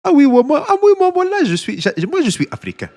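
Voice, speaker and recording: A man putting on an exaggerated, boastful comic character with a French-speaking accent, excited and sing-song. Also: extremely high pitch, fast talker, voice pushed up, full character voice. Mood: hammy.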